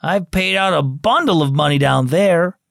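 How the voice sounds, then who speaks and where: A man's voice: fairly high pitch, moderate pace, gravelly, fairly bright tone, dry recording, clean studio sound. A man voicing a weary drunk neighborhood man who slurs and mutters, as the reader of a children's radio story. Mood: muttering. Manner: slurred, muttering.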